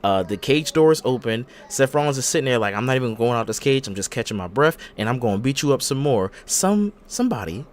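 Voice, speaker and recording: A man hosting a podcast in casual chat, retelling events in an animated way and acting out the quotes. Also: medium pitch, fast talker, few pauses, slight background noise. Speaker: podcast host.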